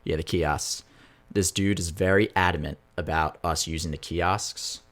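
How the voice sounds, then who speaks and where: A young man with a very low voice tells a long story on a podcast. He rambles and swears freely, in a loose, casual chat. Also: steady tone, unhurried, fairly bright tone. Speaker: podcast co-host.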